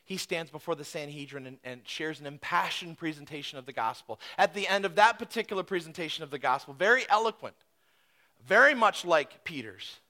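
A man preaching a sermon, swinging between loud, emphatic stretches and hushed, quiet asides. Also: a little high. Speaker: pastor.

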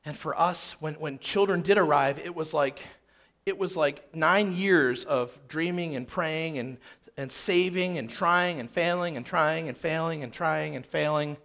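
A man's voice: a little high, measured pace, vocal fry, fairly bright tone. A man in his thirties telling a personal story in a sermon, emphatic and fond of repeating phrases for rhythm.

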